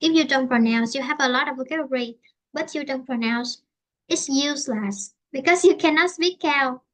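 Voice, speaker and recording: High-voiced woman teaching English. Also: a bit bright. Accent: Vietnamese. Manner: explains slowly in simple English, repeats herself. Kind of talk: online English lesson.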